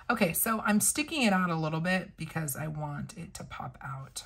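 A woman's voice: sits low, normal speed, creaky, slight background noise, low-quality recording. A woman chatting casually to viewers while doing a planner crafting tutorial, thinking aloud as she works. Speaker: planner and sticker vlogger.

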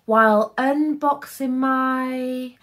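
A woman's voice: high voice, fairly even intonation, very slow, fairly bright tone. A young woman in a casual haul vlog, talking in a chatty, rambling way full of fillers. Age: young adult. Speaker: vlogger.

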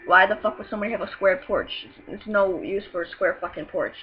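A woman's voice: mid-range voice, fast talker, soft background music. A woman telling a story in a rambling, profane, giggly way, in casual storytelling. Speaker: vlogger. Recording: muffled lo-fi with faint hiss.

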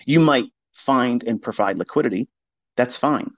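A trading educator hosts an online audio space, delivering a blunt, profane, casual monologue and mocking the doubters he quotes. His mid-range voice moves at normal speed. The recording is muffled.

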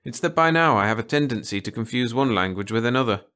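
A man's voice: mid-range voice, lively intonation, fast talker, a bit bright, clear, resonant tone, natural voice. Man voicing a polite alien hunter, male, formal, courteous.

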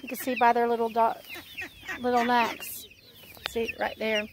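A woman's voice: fairly high pitch, level tone, unhurried, background noise. A woman giving a casual walk-and-talk tour of her homestead, chatting to her animals. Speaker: homesteading vlogger. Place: outdoors on a homestead with poultry.

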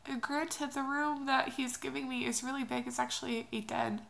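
A young woman vlogging about a personal move, tearful and speaking in a halting, hesitant, soft way. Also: high-pitched, level tone, gravelly. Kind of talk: emotional personal vlog.

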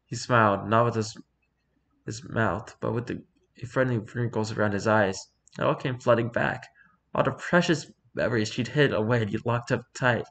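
A man with a lowish voice narrating a story aloud. His reading is calm and measured, letting the sentences settle. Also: creaky.

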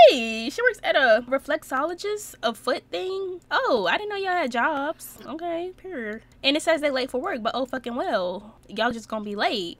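A young woman giving casual commentary over her life-sim game, expressive, swearing a lot and talking straight to her viewers. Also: sits high, no room sound. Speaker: Sims gameplay YouTuber.

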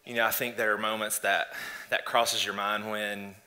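A man in church, earnestly and reflectively telling his story of faith in a conversational testimony, with halting restarts. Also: fairly low pitch, level tone, pushed and bright. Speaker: church guest sharing testimony. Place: church stage before an audience.

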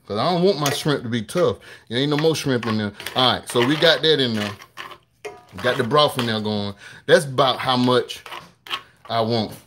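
Hurried man cooking live, pan sizzling. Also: mid-range voice. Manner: hurried, talks straight to viewers, repeats himself. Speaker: cooking show host. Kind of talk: live cooking stream chat. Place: home kitchen at the stove. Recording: sizzling pan noise behind.

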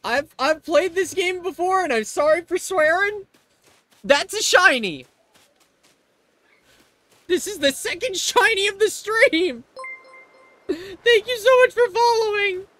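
A woman live-streaming a video game, excitable and swearing as she talks to a creature on screen. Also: very high voice, takes it slowly, pauses often, no room sound. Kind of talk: live-streamed let's play.

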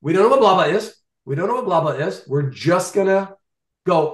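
A man's voice: sits high, expressive, fairly quick, roomy sound. A man in his fifties talking casually and animatedly about food, acting out shoppers' thoughts in mock voices. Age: 50s. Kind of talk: casual chat.

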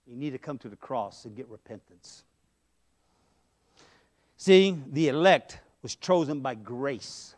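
A man's voice: mid-range voice, darkish tone. A man preaching a sermon in church, talking conversationally and telling stories between his points. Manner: conversational preaching with storytelling asides. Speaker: pastor. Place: church sanctuary.

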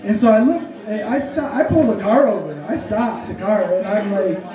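High-voiced storyteller, echoey room. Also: male voice, moderate pace, a crowd in the background. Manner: rambling, animated, many fillers. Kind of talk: comic storytelling. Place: storytelling event hall. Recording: echoey room, distant dull mic.

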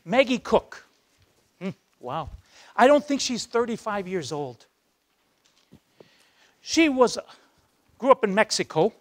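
A man giving a motivational speech, telling a story and acting out its voices, dropping low for the dramatic moments. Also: sing-song, slow pace, pauses often. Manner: acts out the voices in his stories, drops low for dramatic moments. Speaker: guest speaker. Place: university lecture hall.

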